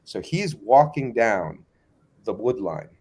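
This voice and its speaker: A man telling a long anecdote as a guest in a casual interview, animated and acting out other people's lines. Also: fairly low pitch, slow, husky. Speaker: guest storyteller.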